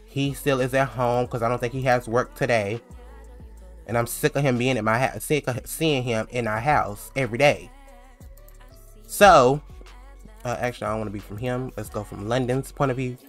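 Brief: slangy, chatty male let's-player, middle pitch, soft background music. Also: fairly even intonation, moderate pace. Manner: chatty, slangy, laughs easily. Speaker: let's play host. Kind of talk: casual game commentary.

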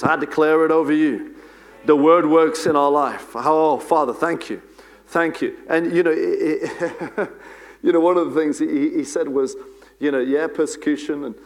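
A man preaching a church sermon as pastor, repeating key phrases and breaking into fervent prayer and declarations. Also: medium pitch. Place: church service.

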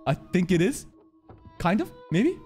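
Excitable swearing anime reactor, very animated. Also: medium pitch, a little slow, soft background music. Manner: excitable, swears a lot, laughs often. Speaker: anime reaction channel host. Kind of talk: casual reaction commentary.

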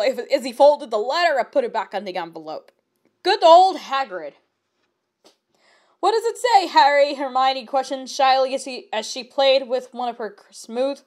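A woman reading fan fiction aloud with comic commentary; she laughs often and stumbles over words. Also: sits high.

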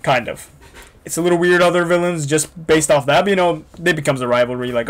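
A young man hosting a reaction video, excitable and swearing often in casual commentary. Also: on the high side, fast talker.

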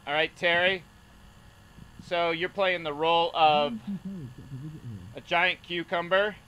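An actor playing a tired male casting director running auditions in a flat, businesslike way. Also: fairly high pitch, slow, clean tone, lo-fi sound. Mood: bored.

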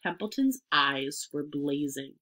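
Bright-voiced woman reading a children's book. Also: sits low. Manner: expressive, pauses to explain words. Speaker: reader.

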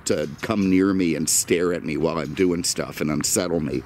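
Low voiced guy ranting sarcastically outside at his car lot, faint background hum. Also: normal speed, hardly any pauses, a little mellow. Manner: sarcastic, grumbling mock-rant. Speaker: car dealer and video host. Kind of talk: casual outdoor vlog rant.

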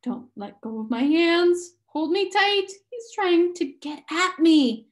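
A woman's voice: sits high, expressive, normal speed, pitched above the performer's own voice. A woman voicing a small frightened boy who speaks urgently but tries to stay bold. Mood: panicked. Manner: tense, urgent.

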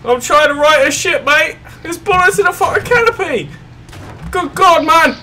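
Guy putting on a silly fake british pilot voice, bright and high, slow, wartime speechy. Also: animated, a little hiss or hum, full character voice. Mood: panicked. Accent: mock British. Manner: rousing mock speeches, broken grammar. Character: bumbling cockney WWII bomber pilot man. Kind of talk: gaming commentary.

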